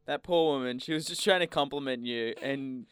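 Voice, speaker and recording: A man's voice: mid-range voice, moderate pace, smooth, no echo, studio quality. A man, co-hosting a casual comedic chat, laughing often and acting out voices as he tells stories. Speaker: podcast co-host.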